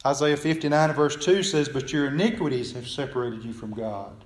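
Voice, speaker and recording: A man preaching a sermon in earnest tones, often dropping soft and low at the ends of phrases. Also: fairly quick, echoey room. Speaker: pastor.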